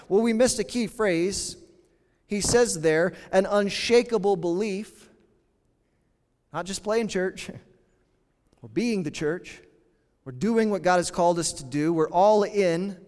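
A pastor preaching a sermon in an earnest, conversational way, with dramatic pauses. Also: male voice, high-pitched, darkish tone, long reverb tail.

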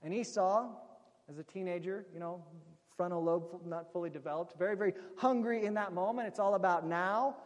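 A man's voice: high-pitched, brisk. A man preaching a sermon, retelling a story in a conversational way and calling his listeners friends. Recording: long reverb of a large hall.

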